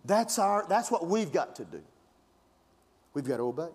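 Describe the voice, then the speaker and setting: A man's voice: fairly high pitch, big pitch swings, normal speed, darkish tone, breathy edge. A man preaching a sermon as pastor, fervent and conversational, pushing his emphasis upward. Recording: long reverb of a large hall.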